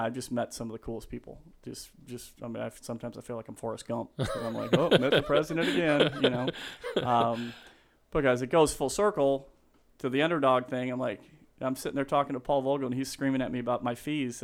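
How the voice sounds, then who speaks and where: A man in his fifties telling stories in a casual interview, rambling and animated, acting out quotes in a high yell. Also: brisk, gravelly. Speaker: guest.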